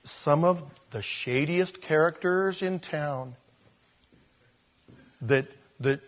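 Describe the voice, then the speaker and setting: Man, preacher, conversational sermon, husky, animated pitch. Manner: conversational preaching with acted-out dialogue. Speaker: pastor.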